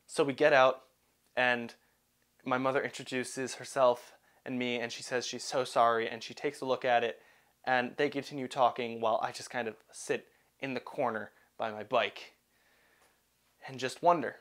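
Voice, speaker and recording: A young man narrating a personal story in an animated, self-deprecating way. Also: medium pitch, normal speed.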